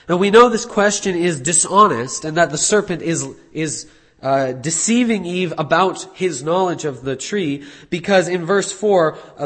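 A man's voice: on the high side, a bit bright, slightly rough. Man giving a Bible lesson in a reverberant room. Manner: measured, explanatory, with frequent fillers and restarts. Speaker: Bible teacher. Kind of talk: explanatory Bible study talk.

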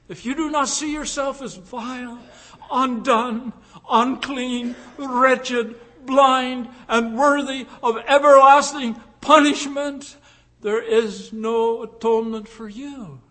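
A man preaching a sermon, asking rhetorical questions and swelling from hushed tones to fervent emphasis. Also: extremely high pitch, takes it slowly. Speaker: pastor.

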